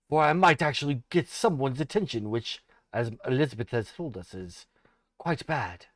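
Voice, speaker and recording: A man's voice: medium pitch, fairly quick, dry recording. A man streaming a horror game live, commenting as he explores and making playful, mock-dramatic asides to himself.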